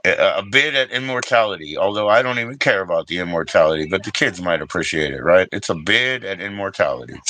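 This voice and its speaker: A man's voice: low-pitched, animated, fast talker, few pauses, bright, forceful tone, poor audio. A middle-aged man with a casual, rambling and profane way of talking, hosting his own livestream and chatting with viewers. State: briefly emotional, teary. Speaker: livestream host.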